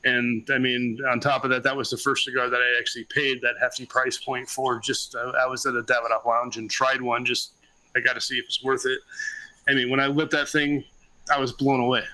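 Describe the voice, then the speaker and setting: A man's voice: medium pitch, flat delivery, brisk, pushed and bright, no echo, rough recording. A man co-hosting a casual talk show, blunt and easygoing, with some mild swearing. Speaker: podcast co-host. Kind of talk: casual chat.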